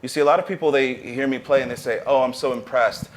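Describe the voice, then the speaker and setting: A man's voice: medium pitch, fairly even intonation, fast, a little hiss or hum. Male professor, panel guest; earnest, motivational delivery, mid-range voice. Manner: earnest, motivational, with brief restarts. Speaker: panelist, arts entrepreneurship professor. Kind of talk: panel discussion talk.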